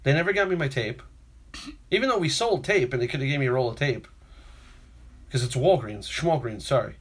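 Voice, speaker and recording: Animated New man telling a story. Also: medium pitch, a little fast, husky. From Brooklyn, New York. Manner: animated, exasperated storytelling with voiced impressions. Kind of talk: casual storytelling chat.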